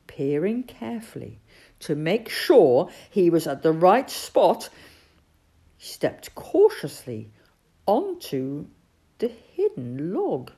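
A woman reading a children's story aloud in an expressive voice. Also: low voice, takes it slowly, slightly rough.

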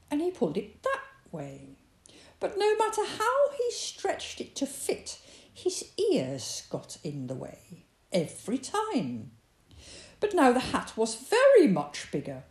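A woman reads a children's storybook aloud, her voice rising and falling in a lively, sing-song way. She takes her time, unhurried, and the room gives her voice a clear echo. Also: sits high. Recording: roomy echo.

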